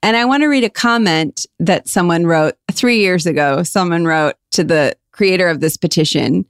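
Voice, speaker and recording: A woman's voice: lowish voice, moderate pace, clear, resonant tone, no echo. British woman co-host, laughs easily, casual chatty read, dry studio sound. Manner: giggly, chatty, reads petitions aloud. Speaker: podcast co-host. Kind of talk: casual chat.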